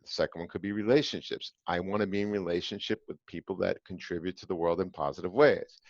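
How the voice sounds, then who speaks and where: A man with a very deep, low voice tells a personal story to his podcast co-host. He is earnest and emphatic and drops in small "uh"s. The sound is dry and a bit dull. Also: fairly even intonation, fast, dry recording.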